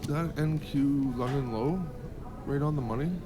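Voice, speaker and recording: A man's voice: medium pitch, normal speed, a crowd in the background. A man trader in a live trading room, wry and swearing freely. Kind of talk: casual trading chat.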